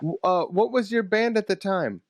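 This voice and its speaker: A man's voice: high voice, animated, normal speed, dry recording. A man hosting a podcast interview, giving brief, enthusiastic prompts and reactions. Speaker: podcast host. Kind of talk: casual interview.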